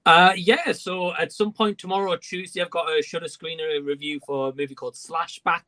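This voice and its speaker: Hesitant man with a bright voice. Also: on the high side, steady tone, a little fast. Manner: hesitant, many fillers. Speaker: guest. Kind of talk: casual group chat.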